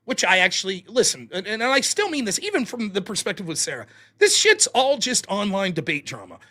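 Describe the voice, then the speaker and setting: A man's voice: sits high, wildly swooping pitch, fairly quick, pushed and bright. A man talking casually as a guest, telling a story in a blunt and profane way. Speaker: guest streamer and debater. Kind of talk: casual podcast conversation.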